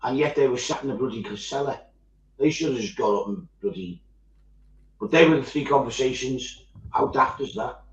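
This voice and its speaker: A man chats at a mid pitch, animated and swearing freely as he tells his stories. The sound is slightly muffled, and it bounces around an echoey room. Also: moderate pace. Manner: animated storytelling, swears freely, acts out quoted voices. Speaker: miniature painting streamer. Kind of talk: casual chat.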